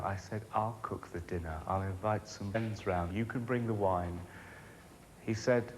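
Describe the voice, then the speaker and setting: A man performing a spoken-word monologue in a measured, rhythmic storytelling manner. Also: lowish voice, steady tone, slight background noise.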